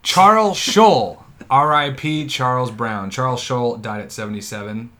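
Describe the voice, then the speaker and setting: A man hosting a comedy podcast, rambling in a deadpan way through deliberately wrong facts. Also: mid-range voice. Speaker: podcast host. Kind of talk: casual comedy chat.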